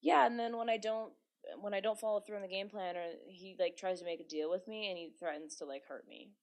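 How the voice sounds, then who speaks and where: A young woman co-hosting a podcast, telling stories in animated casual chat full of "like". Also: mid-range voice, quick pace. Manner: animated storyteller, many likes. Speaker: podcast co-host.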